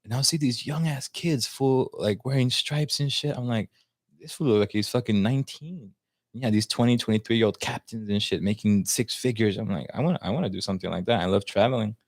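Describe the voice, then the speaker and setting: A man's voice: fairly low pitch, brisk, few pauses, dry recording, studio quality. A man in his twenties telling a long story in casual podcast chat, slangy and mixing in Spanish phrases. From United States, Salvadoran family. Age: 20s. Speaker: podcast guest.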